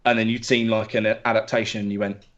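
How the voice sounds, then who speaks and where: A man from England telling stories in a casual podcast chat, sweary and animated. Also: on the low side, fast. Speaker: podcast co-host. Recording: dull lo-fi audio.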